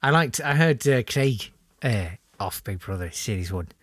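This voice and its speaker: A man's voice: mid-range voice, animated, moderate pace, a bit bright, dry recording, clean studio sound. Playful man joking with friends. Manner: playful, jokey. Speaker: comedy podcast co-host. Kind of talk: casual chat.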